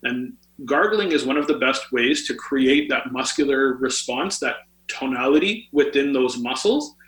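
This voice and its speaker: Bright-voiced man explaining health tips. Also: mid-range voice, lively intonation, a little slow. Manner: explanatory, with many fillers. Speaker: guest health author. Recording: roomy echo.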